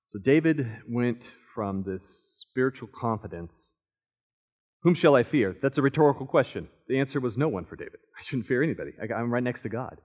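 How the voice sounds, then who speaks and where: A man's voice: medium pitch, animated, brisk, darkish tone. A man teaching from the Bible in a sermon style, earnest and emphatic, voicing the psalmist's pleas in first person. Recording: muffled lo-fi recording.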